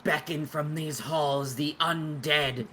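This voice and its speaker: A man putting on a slow wailing undead summoner woman. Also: deep voice, fairly even intonation, fairly bright tone, slight background noise, voice pushed up. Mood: menacing. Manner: slow, drawn-out commanding proclamations.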